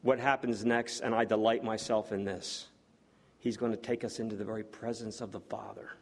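A man preaching a sermon, earnest and building to excited exclamations, with frequent fillers and restarts. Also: fairly low pitch, moderate pace.

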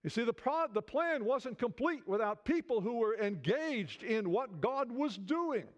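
A man's voice: very high voice, animated, unhurried. A man preaching a sermon in a conversational way, stumbling over restarts and building to fervent appeals. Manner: conversational preaching, many restarts, rising fervor. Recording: dull lo-fi sound.

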